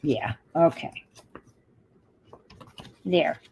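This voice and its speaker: A woman's voice: sits low, animated, extremely slow, gravelly, darkish tone, slight background noise, rough recording. An older woman hosting a crafting livestream, chatting casually and muttering to herself as she works. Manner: talks to herself while working, muttering asides.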